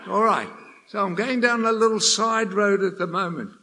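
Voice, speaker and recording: An older man preaching a sermon in a church, swinging between hushed passages and loud, passionate emphasis. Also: high voice, normal speed, slight background noise.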